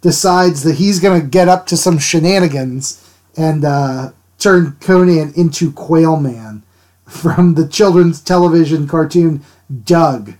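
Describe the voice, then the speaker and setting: A man's voice: on the high side, unhurried, darkish tone. A man chatting casually with his livestream viewers while he inks drawings, rambling and laughing as he answers them. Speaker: art livestreamer.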